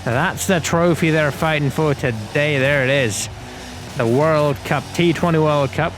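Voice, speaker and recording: A man's voice: fairly high pitch, a little slow, over music. A man hosting a gaming video, giving casual play-by-play commentary in a chatty, rambling way with slangy asides.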